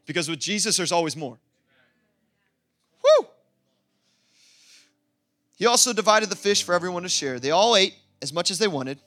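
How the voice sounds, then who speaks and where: High, bright-voiced energetic male pastor. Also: moderate pace, pauses often. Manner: energetic, laughing, acts out quoted voices. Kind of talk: sermon. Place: church.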